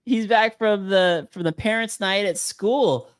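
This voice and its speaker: A man's voice: high-pitched, measured pace, clean tone, no room sound. Upbeat podcast host man, dry sound. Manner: upbeat, laughs often, slangy. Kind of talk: casual podcast chat.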